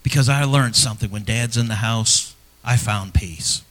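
A middle-aged man, a pastor, preaching a sermon in a church, earnest and personal, swinging from loud emphasis to hushed, near-whispered lines. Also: medium pitch, normal speed. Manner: earnest and personal, speaking to fathers.

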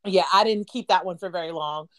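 A woman's voice: lowish voice, brisk. A woman in her thirties co-hosting a podcast, telling a story in casual chat, swearing freely and laughing often. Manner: profane, laughing, animated storytelling. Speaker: podcast co-host.

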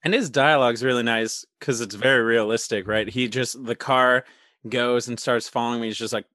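A man chatting as a guest on a casual movie podcast, cracking quick jokes. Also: medium pitch, bright, forceful tone, dry recording, clean studio sound. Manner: joking, quick wisecracks.

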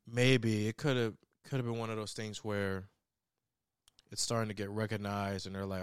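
A man's voice: on the low side, little pitch movement, moderate pace, smooth, no echo, studio quality. A young man casually reviewing a short film in a rambling way, with restarts, swearing and laughs. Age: young adult. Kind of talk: casual chat.

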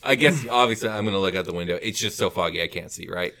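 A man's voice: low voice, quick pace, bright, forceful tone. A man in casual chat, brash and blunt, swearing as he plans his moves. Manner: brash, swearing, plan-making. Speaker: co-host.

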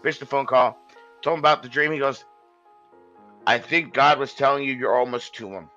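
A man's voice: mid-range voice, steady tone, brisk, pushed and bright, muffled recording, soft background music. A man telling a long story in a casual podcast chat, rambling, swearing and restarting his sentences.

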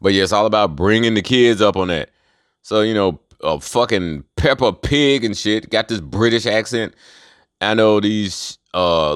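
A man's voice: fairly low pitch, smooth, no room sound, clean studio sound. A man hosting a solo rant show, talking in a heated, profane and conspiratorial way. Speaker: host.

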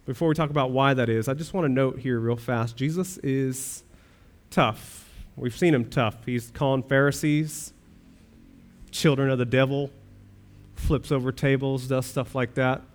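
A man's voice: mid-range voice, steady tone, a little slow. A man pastor preaching a sermon, earnest, with rhetorical questions and rising swells of emphasis.

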